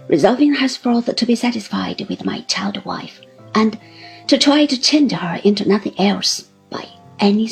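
Woman narrator, reading aloud, husky, lively intonation, faint background music. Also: medium pitch, rough recording. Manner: expressive, measured storytelling. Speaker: reader.

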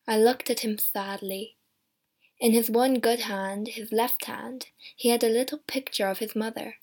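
A woman reading a story aloud as scripted narration, slow and measured. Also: a little high, steady tone, darkish tone. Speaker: audiobook reader.

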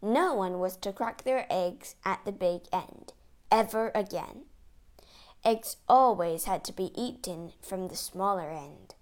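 A woman voicing an anxious male court secretary, pleading urgently in a higher voice. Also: unhurried.

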